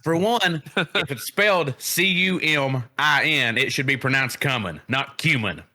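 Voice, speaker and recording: A man's voice: fairly high pitch, a little slow, bright, forceful tone. A man, telling a profane story in a casual podcast chat. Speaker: podcast co-host.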